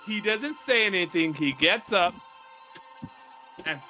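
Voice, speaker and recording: Bright-voiced man telling a rambling story. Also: high-pitched, expressive, slow pace, soft background music. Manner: rambling, heavy use of filler "like"; profane, laughs through the telling. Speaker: podcast co-host. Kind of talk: casual storytelling chat.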